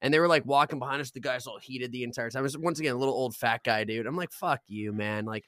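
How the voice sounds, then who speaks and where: A young man chats on a podcast in a laid-back, profane way, often tossing in "bro." His pitch is average. The mic is close and dry, with no room sound. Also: rapid-fire, fairly bright tone, dry recording. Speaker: podcast co-host. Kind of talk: casual chat.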